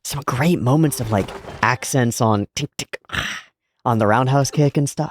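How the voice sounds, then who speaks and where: A man's voice: mid-range voice, moderate pace, dry recording. A man hosting an anime reaction, chatting casually and swearing now and then.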